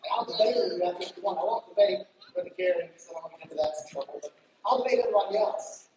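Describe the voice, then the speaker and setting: A woman's voice: on the low side, rapid-fire. A woman giving a playful, joking children's church talk with gospel magic tricks, chatting with the congregation. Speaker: guest speaker doing gospel magic tricks. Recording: echoey hall from far off, background noise.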